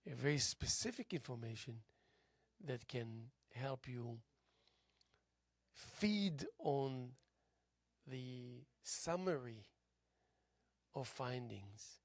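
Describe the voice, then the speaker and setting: A tired man hosting a local TV show, musing aloud in a halting philosophical monologue that drifts into soft whispers. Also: medium pitch, lively intonation, vocal fry, no echo. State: tired, yawning. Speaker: host. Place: local cable TV studio.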